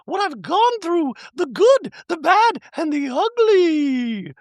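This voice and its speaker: A man doing a comedic impression of a breathy, glamorous, self-absorbed woman in a squealing falsetto with baby-talk noises. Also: very animated, takes it slowly, dry recording, studio quality, heavily acted. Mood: airy, gushing.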